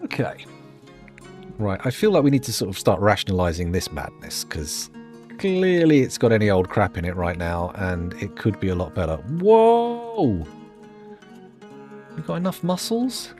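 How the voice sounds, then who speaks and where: A man's voice: deep voice, very animated, moderate pace, a little mellow, soft background music. A man giving jokey, rambling gameplay commentary, muttering asides to himself as he plays. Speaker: let's play host.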